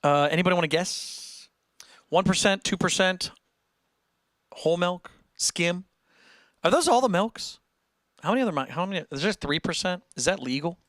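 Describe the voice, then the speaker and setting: A man's voice: high-pitched, lively intonation, moderate pace, long pauses, a bit bright, dry recording, studio quality. A man hosting a casual livestream, rambling and breaking off mid-sentence as he reads chat aloud. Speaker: livestream host.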